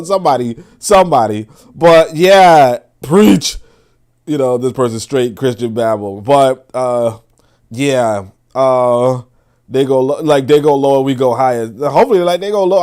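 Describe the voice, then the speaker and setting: A man hosts a casual commentary livestream, reacting to a video while talking to his chat. He is profane and laughs often, swinging between loud outbursts and low mutters.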